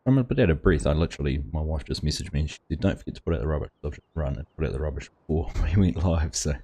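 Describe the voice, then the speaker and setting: A man's voice: rumbling low, steady tone, racing, dark tone, slightly rough. A man hosting a casual game livestream, chatting and greeting viewers by name. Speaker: livestream host. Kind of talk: casual livestream chat while gaming.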